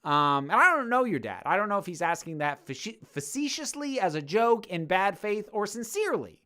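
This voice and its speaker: A woman speaking straight to camera, answering viewer questions in a loose, conversational way. Her pitch moves a great deal from line to line. She grows heated as she talks and swears freely. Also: big pitch swings, moderate pace, a bit bright. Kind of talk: casual Q&A monologue.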